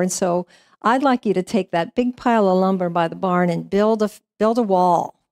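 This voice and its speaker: A woman's voice: on the low side, moderate pace, a little mellow, dry recording, clean studio sound. A woman minister giving a sermon, telling a story in a conversational way with frequent fillers. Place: church sanctuary.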